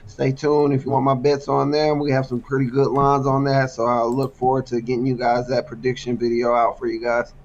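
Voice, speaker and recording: Gravelly guy talking boxing bets, flat and laid-back, lots of ums, muffled lo-fi audio. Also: medium pitch, a little fast, few pauses, slight background noise. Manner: laid-back, with hesitant um and uh fillers. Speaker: boxing betting analyst guest. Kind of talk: casual chat.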